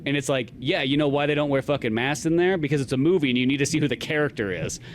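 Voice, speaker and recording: A man's voice: a little high, fast, a little hiss or hum. A man co-hosting a podcast, swearing freely and laughing as he talks through a comic. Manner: profane, laughing, mimics characters loudly. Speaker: podcast co-host. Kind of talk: casual comic book discussion.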